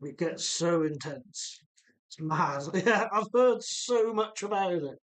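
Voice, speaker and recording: A man's voice: high-pitched, animated, slow. Chatty man with a Midlands-Welsh accent. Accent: mix of English Midlands and Welsh. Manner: chatty, reads viewer comments aloud while rebuilding an RC car. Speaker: livestream host. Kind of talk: casual live-stream chat.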